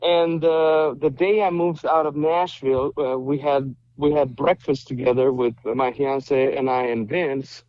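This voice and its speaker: A male musician from Romania chatting as a podcast guest, telling lively stories and acting out what people said. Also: medium pitch, a little slow, hardly any pauses, lo-fi sound. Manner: animated storyteller, acts out quoted dialogue. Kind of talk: casual interview chat.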